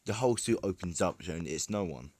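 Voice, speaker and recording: A man's voice: sits low, animated, fairly quick, darkish tone. A man casually improvising a fan story, rambling with many fillers and restarts, recorded on a phone.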